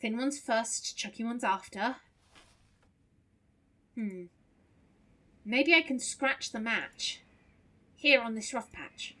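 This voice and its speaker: A woman's voice: fairly high pitch, slow pace, long pauses, bright, forceful tone, heavily acted. Woman reading a curt, stressed man. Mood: businesslike. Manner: harsh, curt.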